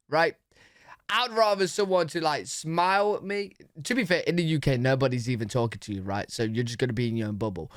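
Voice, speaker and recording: A man's voice: high voice, a bit bright, clean tone. A British man hosting a reaction video, chatting casually and filling his talk with "like" and "you know what I mean". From United Kingdom.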